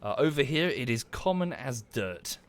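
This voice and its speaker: A man's voice: medium pitch, big pitch swings, normal speed. A man from southern England with an Estuary English accent, talking casually while he plays a game on a livestream, thanking viewers by name and swearing under his breath at the game. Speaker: game streamer.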